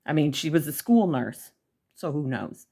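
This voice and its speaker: A woman's voice: deep voice, big pitch swings, normal speed, creaky, warm tone. A young woman telling an angry personal story to her viewers, blunt, heated and full of swearing. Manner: blunt, profane and heated, addressing viewers directly. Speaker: vlogger.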